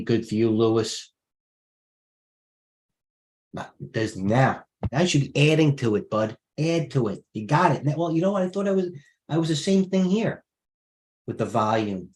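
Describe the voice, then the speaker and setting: A middle-aged man hosting a live trading stream, giving rapid-fire, blunt market commentary and talking straight to his viewers. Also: fairly low pitch, darkish tone. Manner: blunt, jumpy, talks to viewers directly. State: out of breath. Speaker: stock trading livestream host.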